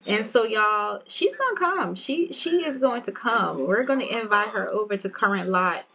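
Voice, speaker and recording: This woman makes game videos and delivers casual, chatty commentary on her gameplay, giggling often and speaking straight to her viewers. Her mid-range voice is animated, pushed and bright at a moderate pace, and the sound is lo-fi.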